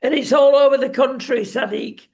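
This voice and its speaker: A man co-hosting a political commentary show, talking in a slow, emphatic and sardonic way with frequent ums. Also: very high voice, fairly even intonation, creaky, a little mellow. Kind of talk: opinionated casual commentary.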